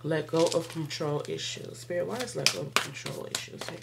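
Lower-voiced woman giving a chatty tarot reading. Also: fairly quick, creaky, very noisy. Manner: laughs often, chatty, slangy. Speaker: tarot reader.

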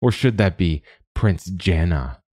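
A man with a low voice reading the part of a squat, lumbering young monk who bullies with sneering, muttered scorn. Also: animated, slow pace, darkish tone, no room sound, full character voice.

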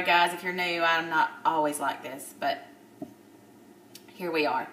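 Woman in her thirties, tearful video diary, halting, lots of fillers; roomy echo, mic set back. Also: sits low, steady tone, a bit bright, far from the mic. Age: 30s. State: upset, near tears. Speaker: vlogger.

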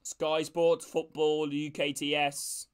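A man streaming a live watch-along, calling the match play by play and greeting viewers from chat, with bursts of excitement at chances. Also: fairly high pitch, takes it slowly, clear, resonant tone. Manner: calls passes by name and greets chat viewers.

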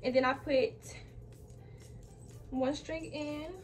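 A woman's voice: high voice, fairly even intonation, slow, a little hiss or hum. A young woman vlogger, chatty and a bit out of breath, talking through a clothing DIY tutorial with lots of "like" and "y'all". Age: young adult. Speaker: fashion vlogger. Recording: from a distance off the mic, faint music behind.

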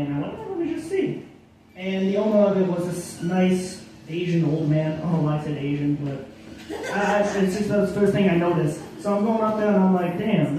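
Young male open-mic comic, halting, self-mocking, mellow voice, echoey distant bar sound. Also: high voice. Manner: halting, full of ums, self-deprecating. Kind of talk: stand-up comedy. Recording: echoey room, far from mic, faint noise.

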